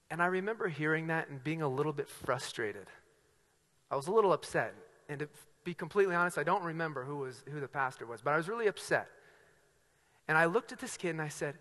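A man preaching a sermon, telling stories with acted-out dialogue and swinging from loud to hushed. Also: a little high, fairly quick, big-room sound. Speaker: pastor.

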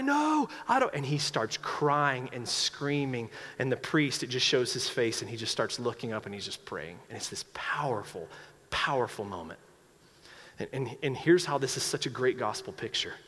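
Pastor preaching in a reverberant church. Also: male voice, medium pitch, fairly bright tone. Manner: storytelling, rising to fervent emphasis. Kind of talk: sermon.

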